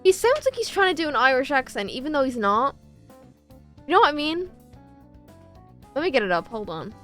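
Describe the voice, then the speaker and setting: A woman's voice: high voice, very animated, a little fast, a bit bright, soft background music. Bubbly young woman streamer. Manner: bubbly, chatty, playful. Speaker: streamer and artist. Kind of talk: casual stream chat.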